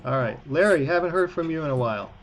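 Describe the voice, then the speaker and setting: A man's voice: fairly high pitch, lively intonation, quick pace, a little hiss or hum, rough recording. A man, a cantor, teaching a class over a video call, encouraging and chatty with joking asides. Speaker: cantor teaching prayer book reading. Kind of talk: online class instruction.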